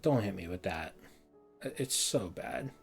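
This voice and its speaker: A man's voice: deep voice, lively intonation, measured pace, vocal fry, husky, soft background music. A man streaming a heated game review, ranting and swearing often, repeating words in frustration.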